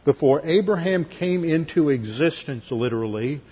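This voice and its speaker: A man's voice: fairly high pitch, expressive, normal speed, breathy edge. A man teaching a Bible class in a methodical way, walking through verses with dry asides, in a church sanctuary. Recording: lo-fi recording, long hall reverb.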